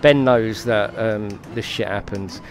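A man's voice: lowish voice, unhurried, faint music behind. Sweary man streaming a race. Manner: sweary, apologetic, giggly. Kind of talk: live racing game stream commentary.

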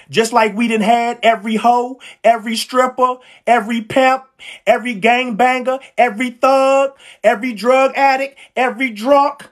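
A woman's voice: a little high, steady tone, moderate pace. A woman preaching a live sermon, fervent and emphatic, repeating lines and calling out to her listeners in casual, slangy speech. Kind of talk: live-streamed street-style sermon.

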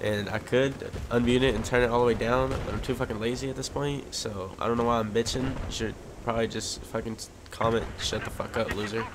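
A man commentating his own online shooter match, swearing constantly and quick to rage. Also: mid-range voice, steady tone. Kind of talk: casual gameplay commentary. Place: at home in front of a big TV. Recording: loud game gunfire and vehicle noise behind.

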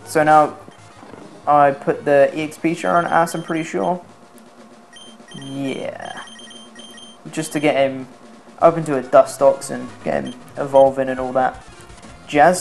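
A man's voice: on the high side, gravelly. Sarcastic young guy narrating gameplay. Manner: sarcastic, self-mocking, swears freely. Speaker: let's play commentator. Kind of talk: casual gameplay commentary.

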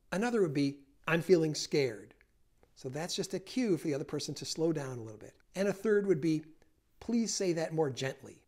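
Guy with a higher voice explaining stuff, relaxed and chatty, a few ums and restarts. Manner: conversational, with fillers and restarts. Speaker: educational video host. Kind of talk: explanatory lecture.

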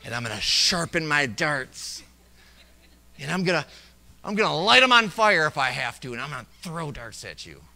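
A preacher putting on a sneering, boastful devil. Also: male voice, fairly high pitch, big pitch swings, moderate pace, gravelly, bright, forceful tone, full character voice. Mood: taunting. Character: boastful scheming male devil.

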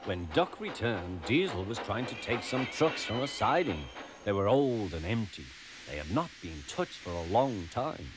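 A man narrating a children's cartoon in a gentle, expressive storybook style. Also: fairly low pitch, moderate pace. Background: music.

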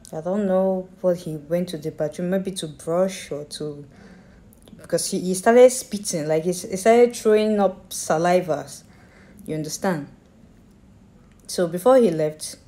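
A woman tells how her father died, halting and repeating her words, with a pleading, accusing tone. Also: on the low side, a little mellow. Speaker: grieving daughter telling her story. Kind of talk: emotional personal account.

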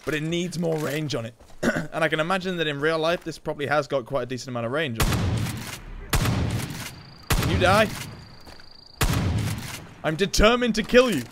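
A young man chatting excitedly through gameplay, joking and laughing at his own lines. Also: on the high side, normal speed, pauses often, noisy background. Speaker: gaming YouTuber. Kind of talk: casual gameplay commentary.

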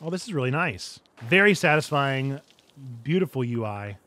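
Animated man streaming a game. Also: medium pitch, normal speed. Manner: animated, laughs often, talks to himself. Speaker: pastor streaming games. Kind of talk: casual livestream commentary.

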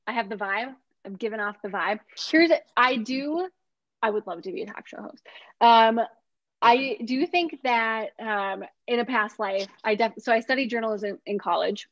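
A woman's voice: medium pitch, fairly bright tone, no echo. A woman from Minnesota hosting a casual cooking chat on a video call, upbeat and chatty, often laughing. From Minnesota, USA. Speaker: host. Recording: dull, muffled video call audio.

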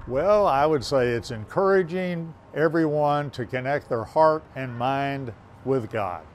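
An older man from New Mexico, a university president, answering interview questions at home in a gentle, unhurried, folksy way. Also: mid-range voice, a little hiss or hum. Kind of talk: casual interview. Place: home, indoors.

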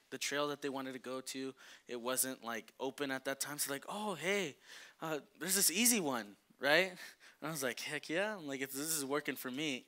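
A man's voice: medium pitch, pushed and bright, smooth. A young man preaching a casual, joking sermon, telling a story with lots of fillers. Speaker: youth preacher.

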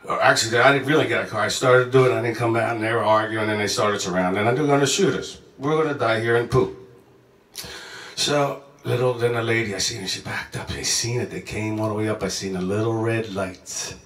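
A man telling a rambling travel story in a casual, excitable and profane way, often jumping around mid-sentence. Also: fairly low pitch, a little fast. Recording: echoey room, mic at a distance.

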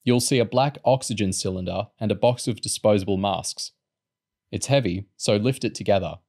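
A man voicing a calm, practical middle-aged vet who gives orders briskly and reassures kindly. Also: lowish voice.

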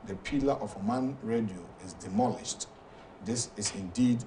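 Halting low-voiced Ghanaian male host. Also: mellow, recorded from a distance, slight background noise. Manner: halting, hesitant reading with frequent fillers. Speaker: talk show host. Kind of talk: reading viewer messages aloud.

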